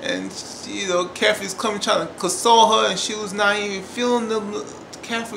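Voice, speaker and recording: A man's voice: high-pitched, animated, brisk, creaky. Man reviewing a TV episode in casual chat, emphatic and repetitive, recorded in an echoey room with noise underneath. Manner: emphatic, repetitive, often says "y'all". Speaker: TV show reviewer.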